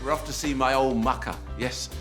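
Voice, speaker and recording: A man's voice: mid-range voice, fairly even intonation, a little fast, fairly bright tone, faint music behind. A man in his sixties, hosting a TV cooking show with exuberant, laughing, sing-song chat. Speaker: TV cookery host.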